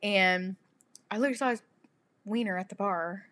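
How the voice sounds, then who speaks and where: Young woman telling a crude, animated story. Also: mid-range voice, moderate pace. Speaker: podcast co-host. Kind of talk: casual chat.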